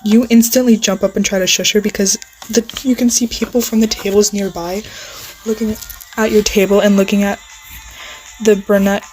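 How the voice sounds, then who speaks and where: A woman improvising a second-person listener role-play story in a rambling way, full of fillers, pauses and apologies. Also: medium pitch, level tone, darkish tone, rough recording. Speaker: channel host. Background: faint music playing.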